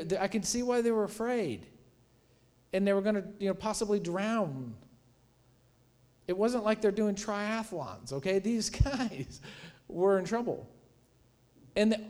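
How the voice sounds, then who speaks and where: A man preaching a sermon in a conversational, animated way, retelling stories and acting out quotes. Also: sits high, big-room sound. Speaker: pastor.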